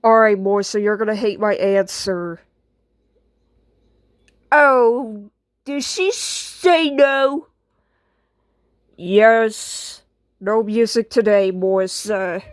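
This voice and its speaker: Calm, slow-talking woman. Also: no echo, studio quality. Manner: calm, low-key and patient. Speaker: owner of the appliances in the skit. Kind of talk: homemade skit role-play.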